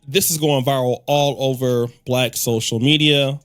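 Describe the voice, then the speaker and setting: A man hosting a pop culture commentary, telling the story with wry, lively asides. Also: medium pitch, a little slow, soft background music. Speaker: commentary host.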